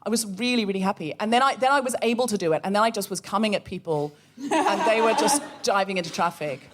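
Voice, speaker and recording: A woman co-hosting a comedy podcast, telling a story with animated energy and acting out the voices she quotes. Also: mid-range voice, fast talker. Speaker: podcast co-host. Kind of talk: comic storytelling before a live audience.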